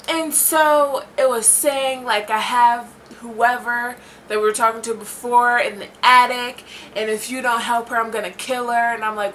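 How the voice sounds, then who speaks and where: A woman's voice: on the high side, normal speed, a little hiss or hum. A young woman vlogger telling a spooky story, acting out the lines and saying "like" a lot. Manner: animated, acts out dialogue, says "like" a lot. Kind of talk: storytime vlog.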